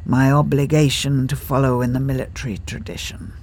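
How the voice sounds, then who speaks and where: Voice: mid-range voice, level tone, fairly quick, darkish tone, slight background noise, lightly acted. Lethbridge Stewart, as a narrator plays him. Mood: reflective. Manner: clipped, polite, understated. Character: reserved British military officer man.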